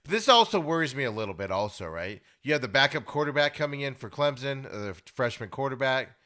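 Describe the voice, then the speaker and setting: A man hosting a sports podcast, giving opinionated casual commentary and getting loud and high when worked up. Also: expressive, fast. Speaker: podcast host. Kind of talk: casual sports talk monologue.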